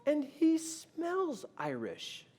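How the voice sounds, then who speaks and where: A man voicing his wife as a high, breathless, earnest woman who is gently amazed. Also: sing-song, moderate pace, slight background noise.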